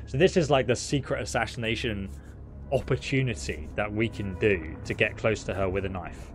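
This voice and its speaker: A man's voice: fairly low pitch, normal speed, slight background noise. Jokey man commentating gameplay. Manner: jokey, chatty, sarcastic. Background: game music and sounds.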